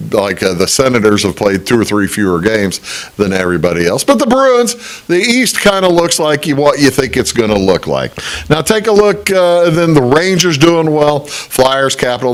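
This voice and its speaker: A man hosting a casual sports talk show, chatting to camera with lots of fillers and big swoops in pitch. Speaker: show host.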